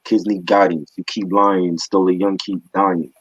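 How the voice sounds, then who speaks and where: Low-voiced man reviewing hip hop. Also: level tone, measured pace, breathy edge, no echo, dull audio. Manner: slangy, joking, opinionated. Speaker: album review co-host. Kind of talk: casual review chat.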